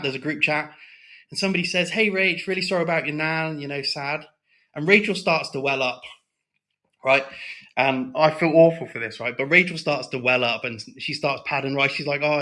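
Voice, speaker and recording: A man's voice: a little high, sharp tone. A man talking as a guest in a casual interview, heated and blunt, swearing often and tagging lines with "right?".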